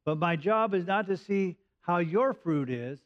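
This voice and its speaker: Middle-aged guy preaching, lots of ums and pauses, smooth kinda high voice, dry slightly dull audio. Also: expressive, dry recording. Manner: halting, with frequent pauses and fillers. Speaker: pastor. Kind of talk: sermon.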